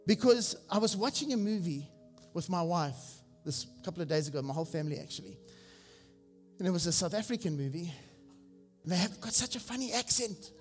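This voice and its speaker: A senior pastor preaching a sermon, exhorting the congregation and asking them questions. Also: male voice, high voice, lively intonation, a little fast. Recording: long reverb with faint music.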